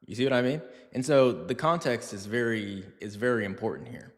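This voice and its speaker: This dog trainer talks a little fast in a mid-range voice with lively intonation, and a long reverb tail follows his words. On his live stream he answers viewer questions in a loose, chatty way, full of fillers and comic voices for acted-out scenes.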